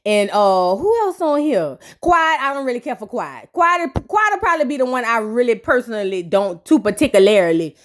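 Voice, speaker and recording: Woman, high voice, sassy gossipy reviewer, casual reaction commentary. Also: normal speed, few pauses. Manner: sassy, gossipy, slangy and animated. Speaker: reality TV reviewer.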